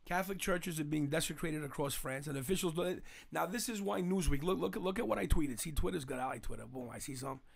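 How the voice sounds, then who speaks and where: A man's voice: fairly high pitch, fast, vocal fry, few pauses. A man with a New York accent hosting a casual political talk show, rambling and saying "you know" constantly. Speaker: host.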